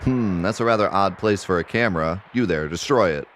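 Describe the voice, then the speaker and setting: A man's voice: sits low, a little fast, a bit bright, slight background noise. A man voicing a sly, scheming male scientist villain who gloats and laughs mockingly while reading game dialogue aloud. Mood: gloating.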